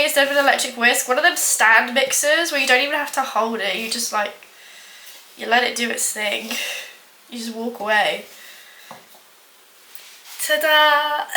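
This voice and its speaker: A woman's voice: a little high, pushed and bright, a little hiss or hum. A young woman chatting casually while baking in her kitchen, rambling and self-mocking, with plenty of filler words. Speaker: baking vlogger. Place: home kitchen. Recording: echoey kitchen with clattering dishes.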